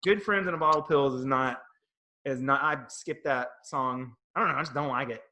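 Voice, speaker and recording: A middle-aged man co-hosting a music podcast, telling rambling, animated stories in casual chat. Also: mid-range voice, brisk. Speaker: podcast co-host.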